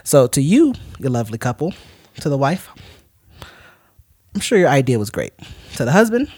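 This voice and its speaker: A man co-hosting a podcast, telling a story in an animated, mock-angry rant. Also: medium pitch, moderate pace, breathy edge, no room sound, studio quality. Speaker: podcast co-host. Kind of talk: casual podcast chat, storytelling.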